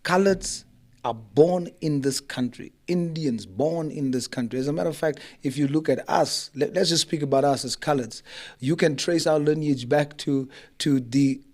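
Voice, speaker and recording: Emphatic South African politician. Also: male voice, on the high side, moderate pace, darkish tone. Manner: emphatic, speech-like. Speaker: mayor and politician. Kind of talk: interview guest.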